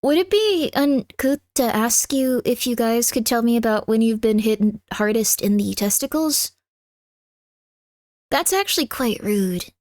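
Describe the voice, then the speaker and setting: A high-pitched woman streamer chatting live from her room at home. She rambles in a loose, friendly way, drops "like" into most sentences and breaks into sharp yelps at her cat. The sound is close and dry, with no room echo. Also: lively intonation, measured pace. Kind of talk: casual live-stream chat.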